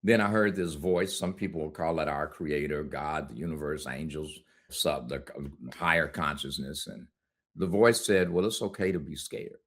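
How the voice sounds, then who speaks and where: Deep-voiced man telling his story. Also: normal speed, a bit bright. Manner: candid, laughing, conversational storyteller. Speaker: guest. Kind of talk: interview storytelling.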